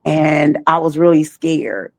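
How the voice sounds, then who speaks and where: Woman, trafficking survivor guest, deep gravelly voice, halting repetitive delivery. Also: darkish tone, no echo. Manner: slow, halting, repeats phrases. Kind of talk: personal testimony.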